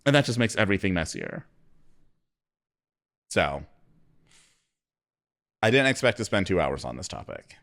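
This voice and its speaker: A man's voice: sits low, very animated, measured pace, pauses often, a bit bright. A man hosting a casual podcast discussion, blunt and opinionated with a wry edge. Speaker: podcast host.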